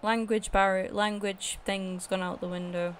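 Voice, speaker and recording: A woman's voice: mid-range voice, flat delivery, normal speed, smooth. A young woman streaming a football game, rambling and self-critical, swearing at the players as she goes. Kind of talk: live gameplay commentary.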